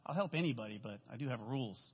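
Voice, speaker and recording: Very fast and lively in intonation, a man with a medium-pitched, breathy-edged voice gives a candid, wandering testimony sermon as a guest in a church sanctuary, often asking "right?". Dull audio with long hall reverb captures it.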